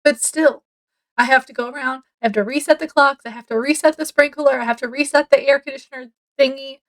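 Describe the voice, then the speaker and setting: A woman's voice: high-pitched, steady tone, fast. A woman, rambling casually to camera at home as a book vlogger, with lots of fillers. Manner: rambling, chatty, many fillers. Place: home, indoors.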